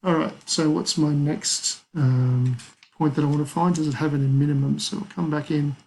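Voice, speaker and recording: A man's voice: fairly high pitch, fairly even intonation, normal speed, darkish tone, a little hiss or hum, poor audio. A man teaching a maths lesson, talking casually through calculator steps and thinking aloud. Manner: casual, thinks aloud with fillers and small apologies.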